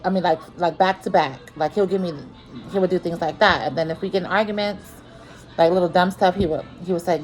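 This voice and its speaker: Woman with a lowish voice telling her story to camera, earnest, repeats herself a lot. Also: steady tone, a little fast, poor audio. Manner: earnest, repeats herself, many restarts and fillers. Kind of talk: personal storytime vlog.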